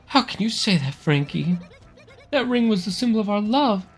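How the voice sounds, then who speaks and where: A man's voice: high voice, expressive, moderate pace, breathy edge, soft background music, voice pushed up, heavily acted. A man voicing a clingy, melodramatic lovestruck woman with a Southern belle drawl, gushing and demanding. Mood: pleading.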